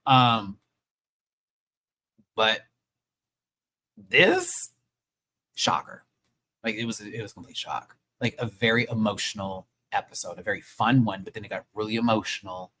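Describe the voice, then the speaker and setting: A young man chatting casually on a live stream review, excitable and swearing often. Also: on the low side, unhurried, long pauses, poor audio.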